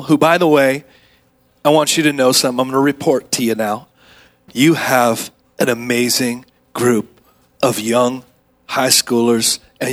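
A man preaching a lively sermon as a guest, telling a story and leading the congregation in call-and-response. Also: mid-range voice. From Atlanta area. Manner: storytelling, swinging from quiet asides to loud shouted exclamations. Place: church sanctuary.

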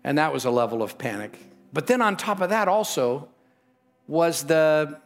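A middle-aged man preaching a sermon as pastor, emphatic, with sudden lifts in pitch and a storytelling manner. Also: lively intonation, normal speed.

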